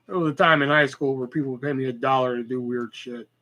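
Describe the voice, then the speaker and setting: A man's voice: mid-range voice, fairly even intonation, fast, bright, forceful tone, slight background noise, rough recording. A man in his thirties hosting a casual solo podcast, rambling and profane with lots of fillers and stutters. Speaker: podcast host.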